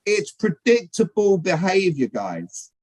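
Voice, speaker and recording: Man, high voice, dry close sound, energetic sales talk to a live group. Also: slow pace, no room sound, low-quality recording. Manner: energetic, addresses audience directly, asks questions. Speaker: speaker at a networking event. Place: event room with audience.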